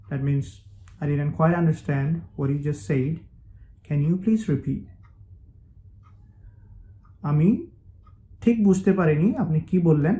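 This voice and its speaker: A man teaching English phrases in a casual lesson, repeating each phrase slowly and switching into Bengali to explain. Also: on the high side, fairly even intonation, warm tone, a little hiss or hum.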